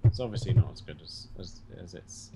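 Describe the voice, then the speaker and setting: A man's voice: low voice, expressive, brisk, background noise. A man co-hosting a casual gaming chat, talking in hesitant, stammering restarts. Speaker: co-host.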